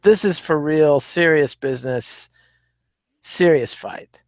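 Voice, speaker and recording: A man's voice: on the high side, slow pace, no room sound. A man hosting a casual podcast, previewing fights with dry, sarcastic wit. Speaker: podcast host. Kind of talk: casual chat, sports preview.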